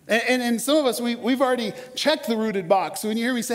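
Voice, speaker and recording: A man in his forties preaching a sermon in a church, conversational and animated, often repeating words as he starts a sentence. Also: very high-pitched, fast, hardly any pauses. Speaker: pastor. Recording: long hall reverb.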